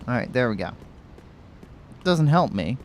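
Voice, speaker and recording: A man from Connecticut narrates his gameplay in a loose, chatty way, circling back on his own words with ums and restarts. His voice sits at an ordinary middle pitch. A faint background hum runs under the home recording. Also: very animated, a little slow, a little mellow. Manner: rambling, chatty, many restarts. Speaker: gaming streamer. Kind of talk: casual let's-play commentary.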